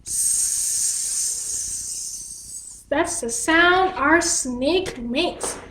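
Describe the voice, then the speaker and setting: A woman's voice: very high-pitched, expressive, slow, slight background noise. A woman teaching a dance and yoga class to young children, patient and sing-song, explaining each step simply. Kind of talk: slow, gentle instruction for young children. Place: home room, livestreamed class. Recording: echoey room.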